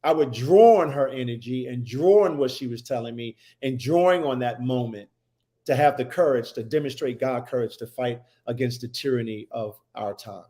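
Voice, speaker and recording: A man's voice: mid-range voice, normal speed, dark tone. A man who is a guest on a talk show, telling a personal story with emphasis and many restarts. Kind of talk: personal storytelling in casual chat.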